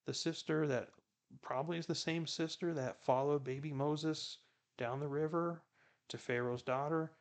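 A man's voice: on the high side, steady tone, normal speed. A man giving casual Bible commentary, chatty, retelling scripture in everyday words.

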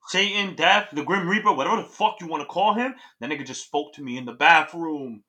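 An actor playing an excitable young man who swears loudly and tells a frantic story in slang, in an audio drama. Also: a little high, a little fast. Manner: loud, agitated storytelling with slang. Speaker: Trey, a young man who saw the Grim Reaper.

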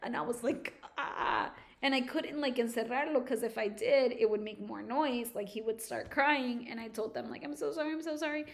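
A young woman with a somewhat high voice chats casually on a podcast. She tells stories with plenty of animation and keeps breaking into laughter. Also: normal speed, creaky, hardly any pauses. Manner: animated storyteller, laughs a lot. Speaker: podcast co-host. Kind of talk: casual chat.

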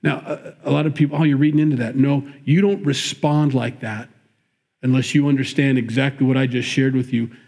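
A man's voice: mid-range voice, flat delivery, brisk, darkish tone. A man preaching a sermon, mixing Bible reading with wry, joking asides and acting out the quoted lines. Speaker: pastor.

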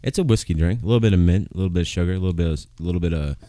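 A man with a very low voice co-hosts a relaxed podcast, rambling and swearing casually. His voice sits close and dry, with no room sound around it. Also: racing, no room sound. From Maine. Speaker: podcast co-host. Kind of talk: casual chat.

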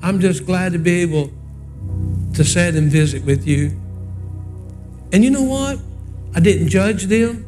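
Older male pastor, 60s, high-pitched and homespun, preaching over soft music. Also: unhurried, pauses often. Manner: folksy, conversational storytelling. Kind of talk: sermon with storytelling and prayer.

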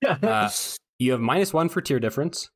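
A man narrating as game master of a tabletop role-playing game, relaxed and joking with his players. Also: medium pitch, normal speed. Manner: relaxed, joking, stops to laugh at his own flubbed accents.

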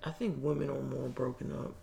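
A man's voice: medium pitch, steady tone, fairly quick, gravelly, mellow. A man co-hosting a podcast, chatting casually with dry, brief interjections. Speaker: podcast co-host. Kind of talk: casual chat.

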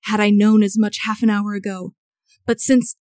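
A woman reading aloud the lines of a reckless, slightly drunk young gentleman in a period novel, with dramatic emphasis. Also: mid-range voice, flat delivery, moderate pace, no echo, studio quality, close to an everyday voice. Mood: urgent. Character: brash charming young gentleman rake, drunk.

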